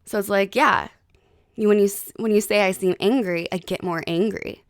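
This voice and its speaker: A woman in her thirties hosting a podcast, chatting casually in an animated, heated way with plenty of swearing. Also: medium pitch, normal speed, no room sound, studio quality. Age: 30s. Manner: animated, profane, heated storytelling. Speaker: podcast host. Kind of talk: casual chat.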